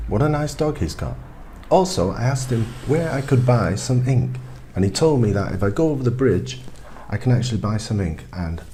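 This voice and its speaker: A man voicing a chatty, excitable male traveler. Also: medium pitch, a little hiss or hum, lightly acted.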